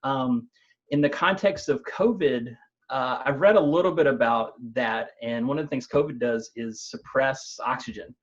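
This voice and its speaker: A man, a company's technical chief, explaining new gadgets in a relaxed conversational way, with frequent fillers and restarts. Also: medium pitch, normal speed, muffled recording. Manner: thoughtful, many fillers and restarts. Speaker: company CTO explaining tech news.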